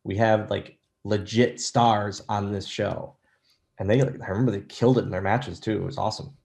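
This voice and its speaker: A man in his thirties speaks in a fairly low voice, recounting his career in a relaxed interview. He tells it as anecdotes, slipping into quoted lines from the people involved. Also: moderate pace, vocal fry. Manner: animated storyteller, acts out quoted lines. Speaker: interview guest, former wrestler. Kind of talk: casual storytelling interview.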